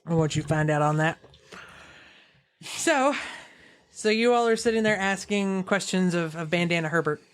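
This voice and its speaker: A woman's voice: fairly low pitch, moderate pace, pauses often, smooth. A woman narrating as game master of a tabletop game, playful and laughing often.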